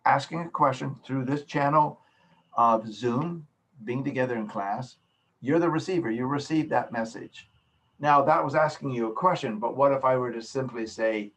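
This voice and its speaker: A man's voice: mid-range voice, fairly bright tone. A man teaching a class as professor over a video call, patiently explaining with simple everyday examples. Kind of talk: online lecture. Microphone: computer mic on a video call.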